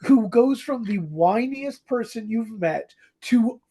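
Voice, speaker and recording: A gravelly, husky co-host chats casually on a podcast. The voice swings widely in pitch, lively and animated. Quotes get acted out with relish. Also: slow. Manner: animated, laughs, acts out quoted lines. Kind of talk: casual chat about a radio drama.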